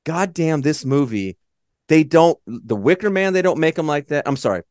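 A man's voice: on the high side, no room sound, clean studio sound. A man co-hosting a podcast, chatting casually and profanely as he recaps a movie, laughing often. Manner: profane, excitable, quick asides, laughs a lot. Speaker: podcast co-host.

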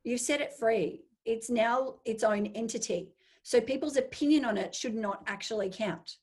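Husky-voiced woman chatting enthusiastically. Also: a little high, a little mellow. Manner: enthusiastic, acts out her own inner voice in quick asides. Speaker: guest. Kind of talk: casual interview chat.

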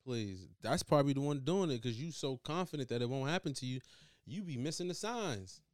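A young podcast co-host states his opinions flatly and repeats his catchphrases. His voice is smooth and mid-pitched. The sound is dry and close. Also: brisk, no echo. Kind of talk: casual chat.

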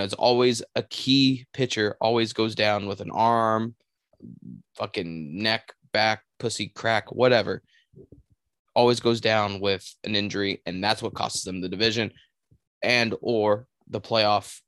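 Low-voiced, rambling, profane sports fan. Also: male voice, a bit bright, no room sound, studio quality. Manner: profane, rambling, loses his train of thought. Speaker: podcast co-host. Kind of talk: casual sports chat.

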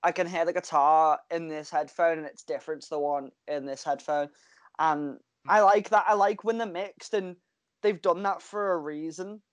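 A woman's voice: sits low, moderate pace, dry recording. A woman co-hosting a casual music chat over a video call, telling stories with frequent laughter. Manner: lively storyteller, laughs often. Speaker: podcast co-host. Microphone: headphones and mic on a video call.

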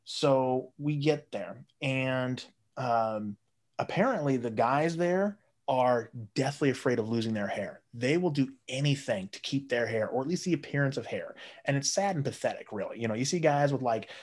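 A man's voice: mid-range voice, expressive, moderate pace. A man casually telling a long, profane story, jumping into raised voices when he quotes his friends. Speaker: guest storyteller.

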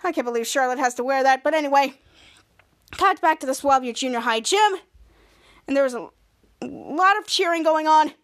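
A woman with a very high voice hosts a casual podcast. She recaps an episode scene by scene and slips into the characters' lines as she goes. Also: moderate pace, long pauses, fairly bright tone. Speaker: podcast host.

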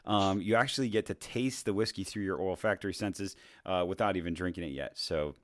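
A very deep-voiced man leads a relaxed whiskey tasting, talking through each step with plenty of "uh" and "so" and restarting his sentences. The sound is dry and close, with no room around it. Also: fairly quick, no room sound. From United States. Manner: explains at length with many fillers and restarts. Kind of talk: casual podcast chat.

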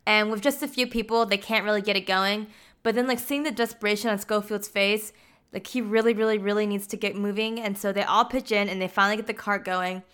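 Smooth-voiced woman recapping a film. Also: mid-range voice, fairly even intonation, a little fast, fairly bright tone. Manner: chatty, heavy use of "like" fillers. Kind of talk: casual film plot recap.

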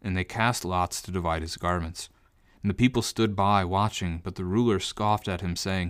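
Low-voiced man reading scripture. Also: clear, resonant tone, no room sound, clean studio sound. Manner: measured, even narration. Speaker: scripture reader.

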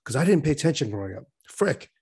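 A man chatting casually on a podcast, telling an animated story with lots of fillers and acting out his own frustration. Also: medium pitch, brisk, slightly rough. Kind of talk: casual chat.

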